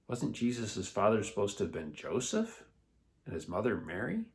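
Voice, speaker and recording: A man leading children's church, telling a Bible story in a playful, animated way. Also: on the low side, moderate pace. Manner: animated, playful, laughs often.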